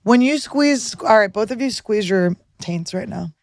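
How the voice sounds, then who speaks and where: A woman hosting a podcast, telling stories in crude, excitable casual chat on a close studio mic. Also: mid-range voice, normal speed, no room sound. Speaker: podcast host.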